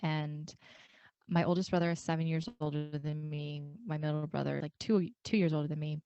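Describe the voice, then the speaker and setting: A woman's voice: low voice, fairly even intonation, normal speed, dark tone, clear, resonant tone, highs cut off, soft background music. A young adult woman co-hosting a podcast, telling stories in casual chat with lots of "like". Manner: chatty storyteller, lots of "like". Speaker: podcast co-host.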